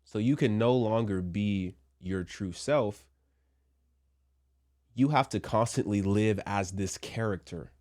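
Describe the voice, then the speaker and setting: A man's voice: lowish voice, slow, darkish tone. A man giving casual commentary from a Christian view, chatty with joking asides, and a little under the weather. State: a little sick. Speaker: commentary vlogger.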